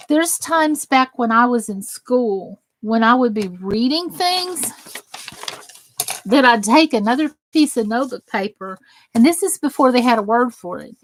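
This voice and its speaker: Slow-talking Southern woman streamer. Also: on the high side, slight background noise. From Southern United States. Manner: folksy, chatty, self-deprecating. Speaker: crafting livestream host. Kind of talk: casual live stream chat reading comments.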